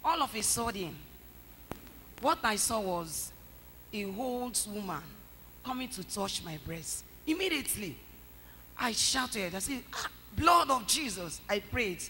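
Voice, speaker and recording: A woman's voice: medium pitch, expressive, unhurried, pauses often, fairly bright tone, slight background noise. A woman animatedly telling her testimony in church. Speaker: church member giving testimony. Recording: long church reverb, faint ambience.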